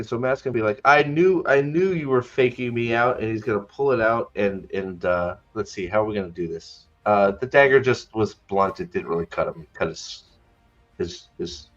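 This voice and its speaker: A man with a lowish voice hosts a podcast, recorded with lo-fi sound. He delivers a casual, sarcastic rant, tripping over his words while mockingly retelling scenes.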